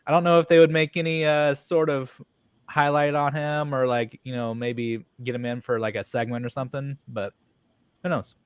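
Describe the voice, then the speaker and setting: A man's voice: mid-range voice, little pitch movement, normal speed, smooth, no echo. A man with a mid-range voice heard completely dry and close, with no room sound at all. He chats on a sports podcast and muses aloud, hedging his points as he goes. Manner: thoughtful, wandering, hedging with fillers. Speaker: podcast co-host. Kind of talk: casual sports podcast chat.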